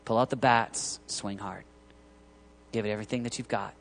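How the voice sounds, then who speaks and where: A man preaching a sermon to a ministry team, impassioned and rising to near-shouting peaks, acting out quoted voices. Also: lowish voice, fairly even intonation. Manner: acts out quoted voices and awkward pauses. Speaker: pastor leading a ministry tour team.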